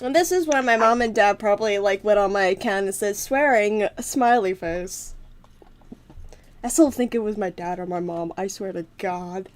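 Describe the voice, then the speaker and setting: A woman's voice: mid-range voice, fairly quick, few pauses. A young woman chatting casually on a livestream, giggling often and swearing freely. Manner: giggly, swears a lot, bursts into loud laughter. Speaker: livestream co-host. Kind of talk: casual chat.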